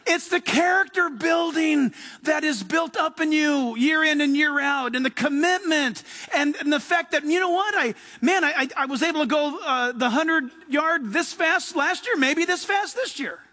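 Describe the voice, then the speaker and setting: A man preaching a sermon in an animated way, acting out the voices in his quotes. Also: extremely high pitch, normal speed. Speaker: pastor.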